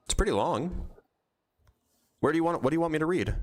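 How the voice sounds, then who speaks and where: A man's voice: a little high, expressive. A man hosting a live-streamed debate, speaking in a dry, teasing, casual way. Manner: dry, teasing, quick back-and-forth. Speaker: debate host.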